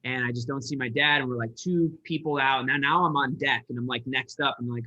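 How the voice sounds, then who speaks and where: Bright, husky man telling his story. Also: mid-range voice, fairly even intonation, fairly quick. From Michigan, USA. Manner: earnest, rambling with many restarts. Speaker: guest, entrepreneur and sales coach. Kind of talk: personal storytelling in a podcast interview. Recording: dull lo-fi audio.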